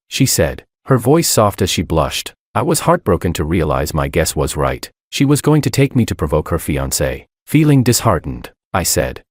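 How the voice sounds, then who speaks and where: A man with a very deep voice narrates a first-person story. His pitch moves a lot, giving the reading an animated feel. The sound is dry and close-miked. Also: moderate pace, hardly any pauses, dry recording.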